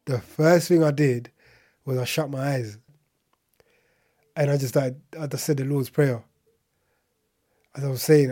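A man's voice: medium pitch, steady tone, unhurried, pauses often, a little mellow. A man casually telling a personal story, chatty and full of filler words and asides.

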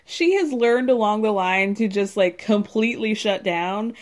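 A woman recapping a reality show in casual chat, animated and laughing often as she acts out quotes. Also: medium pitch, a little slow.

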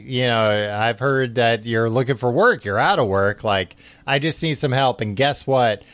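A man voicing a smooth-talking client who tries to hire a detective, in a loose, offhand way. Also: mid-range voice, measured pace, a bit bright, no room sound, natural voice. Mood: persuasive. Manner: casual, offhand retelling of lines.

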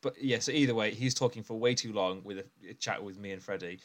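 A man's voice: medium pitch, quick pace, few pauses. A man co-hosting a podcast, telling stories in a rambling, casual way and laughing often as he talks. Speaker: podcast co-host. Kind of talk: casual chat.

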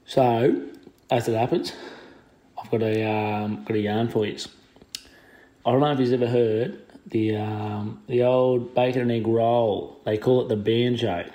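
A man's voice: mid-range voice, steady tone, a little slow, dark tone. A man with an Australian accent, leaving a rambling voice message for a podcast. He tells a sweary story in a chatty, wandering way. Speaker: caller.

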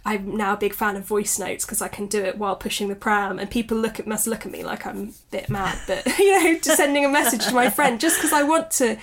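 A woman in her thirties speaks candidly about her experiences, reflective and quick to laugh. Her voice has a gravelly edge and a slightly husky texture. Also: mid-range voice. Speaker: guest, author and new mother. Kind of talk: conversational interview.

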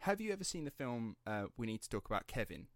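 A man's voice: medium pitch, sing-song, fast talker, no room sound. A young man hosting a casual true-crime podcast, chatty and rambling, swearing and laughing easily as he tells the story. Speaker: podcast host telling the story.

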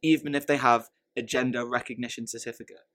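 Podcast co-host, male, mid-pitched, thinks out loud with restarts and "right?" tags. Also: steady tone, quick pace. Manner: thinks aloud, repeats words, asks "right?". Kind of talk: casual chat.

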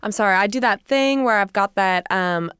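A woman with a smooth, clear voice chats as a podcast guest. She tells stories with goofy, dry humor in a loose, easygoing way. The sound is close and dry. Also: medium pitch, normal speed, fairly bright tone, dry recording. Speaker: podcast guest, company co-founder. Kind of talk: casual interview chat.

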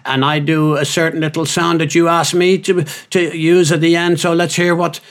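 A man's voice: fairly high pitch, level tone, normal speed, fairly bright tone. An older man co-hosting a podcast, telling rambling, self-mocking stories in casual chat. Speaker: podcast co-host.

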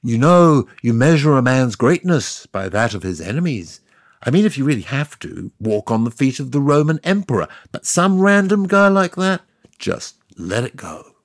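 God as a gravelly, wry old deity. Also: male voice, mid-range voice, big pitch swings, moderate pace, dry recording, clean studio sound. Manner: sardonic, conversational storyteller. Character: God, ancient male deity, wry and chatty. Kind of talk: scripted comic monologue.

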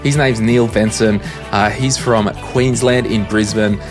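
A man's voice: lowish voice, fairly even intonation, measured pace, over music. A man hosting a money podcast, upbeat and teasing as he chats with his guest. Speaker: podcast host. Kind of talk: casual interview chat.

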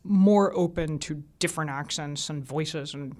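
A woman radio journalist from the American South, telling relaxed, chatty anecdotes as an interview guest. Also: sits low, a little slow. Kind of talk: casual interview storytelling.

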